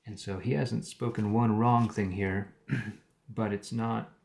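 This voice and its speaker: A man with a lowish, gravelly, slightly mellow voice and fairly even intonation reads the Bible on a live stream. He occasionally halts to put the archaic text into his own words and comment on it.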